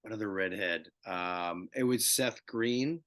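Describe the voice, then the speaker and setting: A man in his fifties, a guest actor in a casual interview, telling animated stories and acting out the dialogue. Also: lowish voice, a little slow, no room sound. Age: 50s. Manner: animated storyteller who acts out dialogue.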